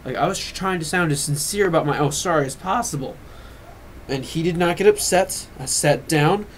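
A man telling a personal story on his vlog, rambling and drifting off into quick asides. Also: fairly high pitch, slight background noise. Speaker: vlogger.

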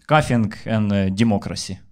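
Deadpan Ukrainian stand-up comic. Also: male voice, on the low side, normal speed. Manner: deadpan, blunt, swears freely. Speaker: stand-up comedian. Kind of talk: stand-up comedy set.

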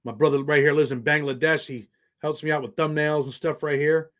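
Livestream host, American man, voice on the high side, relaxed and slangy, talks straight to chat. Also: brisk. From United States. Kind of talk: casual livestream chat reading viewer comments.

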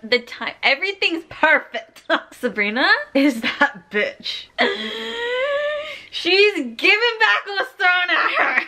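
Woman vlogger reacting to her reading, giggly and effusive, drawn-out delivery with a bright voice. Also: sits high. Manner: giggly and gushing, laughs often; heavy use of "like" fillers. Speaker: book vlogger. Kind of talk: casual reading vlog.

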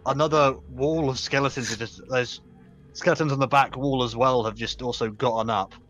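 A man's voice: medium pitch, steady tone, fairly quick, fairly bright tone, muffled recording, soft background music. A man narrating a tabletop game as game master, casual and stumbling over restarts as he describes the scene.

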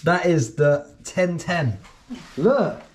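A man's voice: a little high, lively intonation, very slow. A man with an Essex accent who runs a second-hand shop, chatting casually and slangily in a vlog, easily impressed. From Essex, England.

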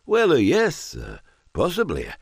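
A man's voice: a little high, wildly swooping pitch, a little slow, gravelly, breathy edge, dry recording, pitched above the performer's own voice, exaggerated voice. A courteous poet in a storybook, hesitant and careful, stumbling over his words in a raised, wavering voice. A man plays him while reading aloud. The sound is dry and close. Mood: cautious polite. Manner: hesitant, polite, stammering. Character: cautious, polite young-ish Scottish poet.

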